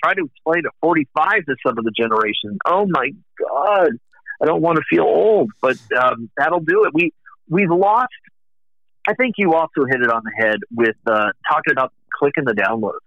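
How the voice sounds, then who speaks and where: A man's voice: on the high side, lively intonation, moderate pace, no room sound. Middle-aged man, rambling storyteller, muffled lo-fi audio, dead dry room. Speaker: music industry guest. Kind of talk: casual conversation. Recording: dull dry lo-fi recording.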